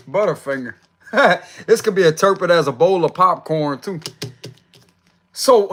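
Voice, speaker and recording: Guy with a high voice doing a tarot reading on a live stream, laughing a lot, slangy. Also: fairly bright tone. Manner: slangy, laughs often, talks to viewers. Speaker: tarot reader. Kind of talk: casual livestream tarot reading.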